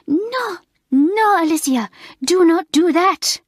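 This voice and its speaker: A woman voicing an excitable, easily flustered middle-aged French schoolmistress with a put-on French accent and shrill, squealing outbursts. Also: a little slow, breathy edge, no room sound, studio quality. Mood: frantic.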